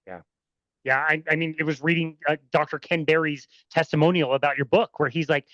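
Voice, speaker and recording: Man, podcast host, polite, fast pace, dry dull recording. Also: fairly high pitch, steady tone, a bit bright, no echo. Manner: polite, respectful questioning. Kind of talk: podcast interview.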